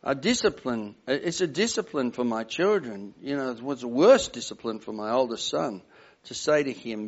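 A man's voice: mid-range voice, expressive, normal speed. Earnest older male preacher, lo-fi. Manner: earnest, emphatic, asks the congregation questions. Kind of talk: sermon. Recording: dull lo-fi sound.

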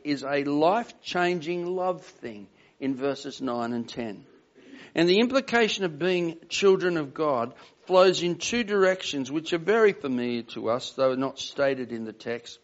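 An older man preaching with earnest emphasis, his voice sitting a little high for a man. He keeps asking the congregation questions as he builds his points. The recording is dull and lo-fi. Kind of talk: sermon. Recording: dull lo-fi sound.

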